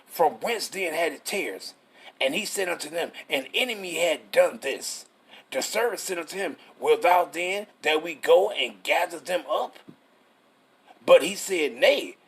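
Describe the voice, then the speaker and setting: A man's voice: high voice, fairly bright tone, slightly rough. A man, teaching scripture in a fiery, profane style full of rhetorical questions. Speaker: preacher.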